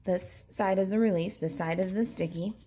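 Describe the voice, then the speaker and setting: A woman's voice: medium pitch, moderate pace, warm tone, a little hiss or hum. A woman demonstrating a papercraft project, chatting in an upbeat way as she narrates each hands-on step. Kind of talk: crafting tutorial.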